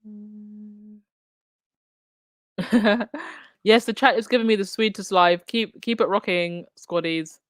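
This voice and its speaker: A woman's voice: medium pitch, fairly even intonation, slow pace, long pauses, no room sound, clean studio sound. A woman with an Essex accent chatting casually as host of a commentary livestream, reading out articles and viewer comments with lots of restarts. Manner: frequent restarts and fillers.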